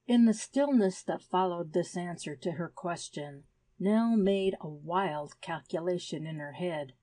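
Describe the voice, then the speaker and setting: A woman narrating a classic adventure story in an even, measured reading voice on a close mic. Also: lowish voice, no echo. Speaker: audiobook narrator.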